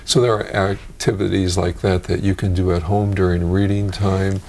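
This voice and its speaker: A male speech clinician speaks with a very deep, gravelly voice. He coaches a child and counsels a parent, staying patient and encouraging throughout. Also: little pitch movement, normal speed, darkish tone, a little hiss or hum. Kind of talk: therapy session and parent counseling.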